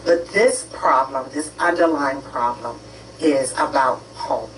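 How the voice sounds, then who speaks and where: Woman guest, deep voice, firm and earnest, mic far off with a light hiss. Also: slow pace. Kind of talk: talk-show discussion. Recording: distant mic with faint noise.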